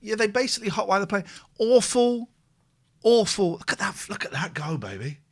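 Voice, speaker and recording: A middle-aged man, hosting a casual chat and talking in an animated, exclamatory way with plenty of swearing. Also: sits high, fast, breathy edge. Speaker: host.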